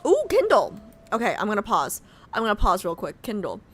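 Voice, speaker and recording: Excitable young woman streamer. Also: medium pitch, fast, faint music behind. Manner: excitable, swears a lot, fills with "like". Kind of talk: casual gameplay commentary.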